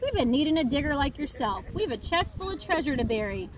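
Lady doing a loud swaggering pirate captain, stretched-out booming talk, high and swingy, noisy outdoors. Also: big pitch swings, fairly quick. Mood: blustering. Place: outdoors at a lakefront.

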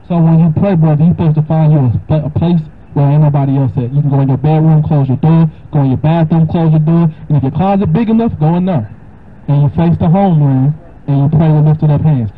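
Answering a question, a man teaches from the Bible in a relaxed, conversational way, shifting to a slower, higher delivery for the verses he reads. The audio is dull and lo-fi, with a faint background noise.

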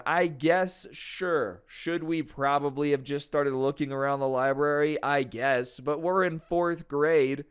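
A man's voice: medium pitch, clear, resonant tone. A man casually telling a school story to his channel, chatty and exasperated, with slangy asides. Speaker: storytime YouTuber.

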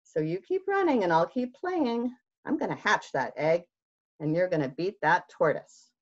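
A woman voicing a big, gentle male bear who is devoted and earnest, with alarmed, excited outbursts. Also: fairly low pitch, normal speed, dull audio. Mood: confident.

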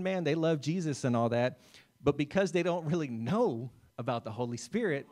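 A man's voice: a little high, animated, normal speed, darkish tone. Conversational preaching pastor, man. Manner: conversational preaching, addresses listeners by name, frequent "right?" and "amen". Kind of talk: sermon. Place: church service.

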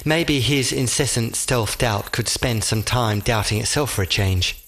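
A man reading a whimsical audiobook, narrating in a measured storytelling manner with dry humor. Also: mid-range voice, a bit bright.

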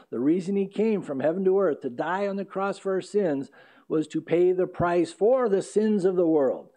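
A male pastor preaching an earnest expository sermon, pausing on fillers and correcting himself as he goes. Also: on the high side, dark tone. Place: church sanctuary.

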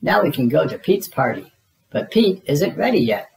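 A reader narrating children's picture books aloud in a lively storybook manner. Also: medium pitch, creaky, poor audio. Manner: slow, lively storybook reading.

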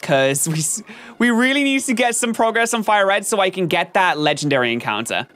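A man streaming gameplay commentary, chatting with his viewers in an animated, self-mocking and melodramatic way. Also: high-pitched, fairly quick. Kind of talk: live-stream gameplay commentary, reading chat.

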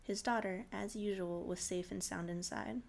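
A woman reading a short story aloud at home, relaxed and unpolished. She keeps a middle pitch and an easygoing storyteller's delivery. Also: moderate pace, vocal fry. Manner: relaxed and informal, laughing off slips.

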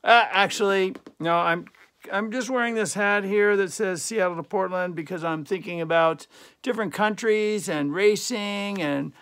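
A man's voice: sits high, normal speed, a bit bright, smooth. A middle-aged male teacher giving a recorded class lesson, chatty and jokey, with lots of fillers and restarts.

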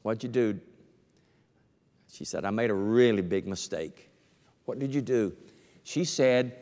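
A man's voice: lowish voice, a little slow, long pauses, mellow. An older man, a pastor, preaching a conversational sermon to his congregation and stretching out key phrases for emphasis. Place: church sanctuary. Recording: long reverb of a church hall.

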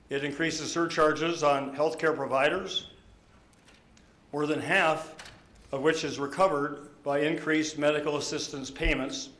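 A man with a slightly higher voice reads a prepared budget statement at a news conference. He speaks in a measured, deliberate way and leans on the words he wants to stress. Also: fairly bright tone, echoey room. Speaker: governor.

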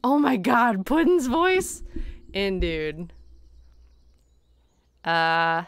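Woman streamer, chatty and giggly, tired voice, smooth tone, unhurried, dry close sound. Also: mid-range voice, sing-song, dry recording. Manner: chatty, laughs often, thanks viewers. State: voice tired at day's end. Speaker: streamer and voice actor. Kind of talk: casual livestream chat. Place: her room at home.

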